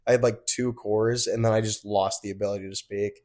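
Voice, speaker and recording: Hoarse young man telling a story. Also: fairly low pitch, fairly quick. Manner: animated storytelling, swears freely. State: hoarse from being sick. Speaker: podcast co-host. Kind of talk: casual chat.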